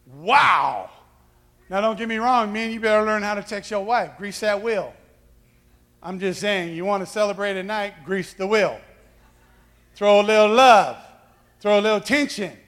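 A man preaching with a high, bright and forceful voice. He acts out quoted voices and raises his voice to a shout for emphasis. His sermon rings out with a long reverb in a big hall. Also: a little slow, pauses often. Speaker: pastor.

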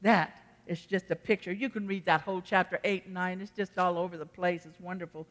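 A woman's voice: on the low side, fairly even intonation, a little fast, fairly bright tone. A middle-aged woman pastor preaching a sermon, emphatic and acting out the voices she quotes. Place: church sanctuary. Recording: long reverb of a church hall.

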